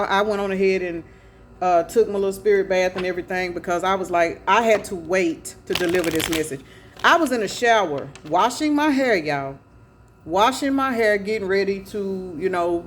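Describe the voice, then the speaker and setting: Woman, middle-aged, casual tarot reader, talks to viewers as y'all, cusses casually, medium pitch, light hiss. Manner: chatty, addresses viewers as y'all, salty slang. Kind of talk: casual spoken tarot reading.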